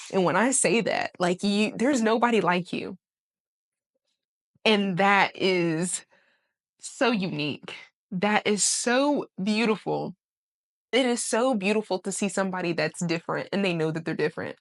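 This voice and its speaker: A vlogger in her twenties gives a casual motivational talk to camera, emphatic and animated, swearing casually and laughing often. She has a mid-range voice and an unhurried delivery.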